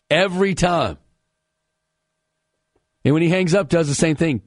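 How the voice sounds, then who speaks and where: Chatty sports radio host, dry studio sound. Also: male voice, on the high side, moderate pace, long pauses, dry recording. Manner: chatty, animated, jokes about his co-host.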